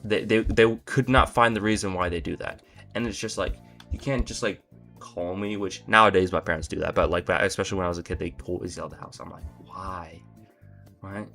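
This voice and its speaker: A man's voice: low-pitched, fast, vocal fry, bright, forceful tone, soft background music. A young man doing a comedic rant to camera, exasperated and incredulous, with exaggerated outbursts. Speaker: comedy vlogger.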